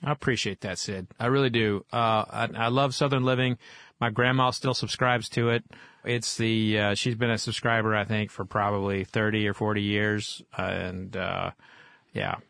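A man from Oklahoma, a guest in an interview, telling stories in a casual, animated way with many fillers. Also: fairly low pitch, moderate pace, vocal fry, no room sound, studio quality. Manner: animated storyteller, lively with fillers. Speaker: guest, whiskey author.

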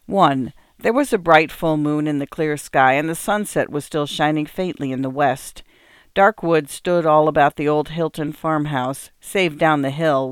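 A woman, a volunteer reader, narrating a short story in a measured, even storytelling manner. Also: sits low, smooth, dry recording, studio quality.

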